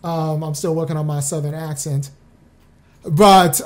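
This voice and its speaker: A loose, chatty live-stream host who talks straight to the audience. The voice sits at a middling pitch, and the host keeps breaking off mid-sentence to start over. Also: steady tone, a little slow. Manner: chatty and loose, restarts often, speaks straight to viewers. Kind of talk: casual live-stream talk.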